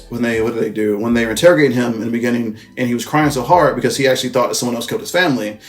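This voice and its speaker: Rambling, profane male movie reviewer. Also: mid-range voice. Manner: rambling, profane, with frequent self-corrections. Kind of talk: casual plot recap.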